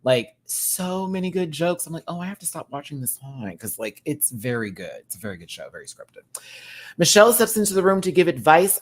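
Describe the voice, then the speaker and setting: A man hosting a live stream, giving casual, sassy, campy commentary on a reality competition show and talking straight to his viewers. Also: medium pitch.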